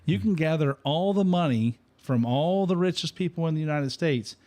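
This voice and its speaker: A man's voice: a little high, lively intonation, normal speed, a little mellow. A man talking politics and economics in a casual discussion, rambling with many restarts and fillers.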